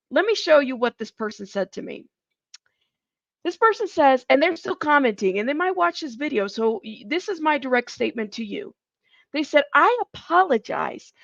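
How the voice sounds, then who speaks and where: Woman streamer, high gravelly voice, chatty live true-crime host, dull lo-fi mic. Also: dry recording. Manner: chatty, animated, laughs between lines. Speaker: livestream host. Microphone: home streaming mic.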